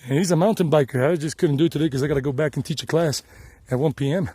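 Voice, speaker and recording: Casting: middle-aged Southern US man, slightly high and mellow, rambling as he walks a trail with a phone in hand. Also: racing, slightly rough, dry recording. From South Carolina, United States. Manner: chatty, meandering, repeats himself. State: sweating from the climb. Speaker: travel vlogger and English teacher. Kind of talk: casual rambling narration while hiking. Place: outdoors on a mountain trail. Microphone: handheld phone.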